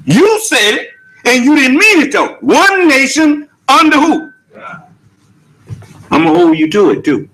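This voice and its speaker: A man's voice: very high voice, very animated, measured pace, long pauses, fairly bright tone, low-quality recording. A man preaching a sermon with emphatic rhetorical questions and casual vernacular speech. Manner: emphatic, rhetorical questions, Southern US Black English.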